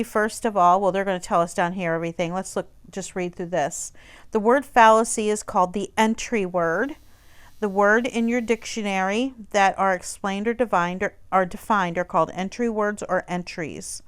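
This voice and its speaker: A woman teacher talking students through a textbook page in a relaxed, conversational way, with fillers. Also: mid-range voice, clear, resonant tone. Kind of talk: recorded online lesson walking through a textbook page.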